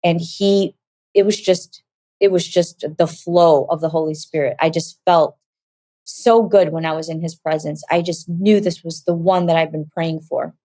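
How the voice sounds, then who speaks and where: A woman with a low, mellow voice tells her life story as an interview guest. She slips into what people said as she goes, and her voice sounds close and dry. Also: moderate pace, no room sound. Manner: animated, acts out dialogue in quoted voices. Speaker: guest giving a testimony. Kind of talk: personal testimony storytelling.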